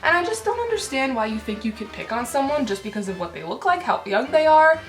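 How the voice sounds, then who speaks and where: A woman vlogger tells an angry storytime in a high, very animated voice at a quick pace. She's indignant, swears, and fills her rant with fillers, while the room echoes and faint music plays.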